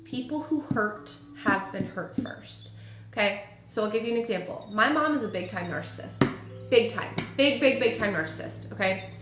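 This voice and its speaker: A woman's voice: fairly high pitch, expressive, moderate pace, very noisy. A woman giving a casual spiritual forecast, chatty and emotional, often checking in with "okay?". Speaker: intuitive reader. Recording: echoey room with faint ambience.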